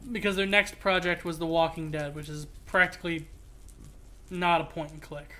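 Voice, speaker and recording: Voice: mid-range voice, moderate pace. A streamer chatting casually while playing a game, rambling and joking. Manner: rambling, animated, jokey. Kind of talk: casual gaming stream chat.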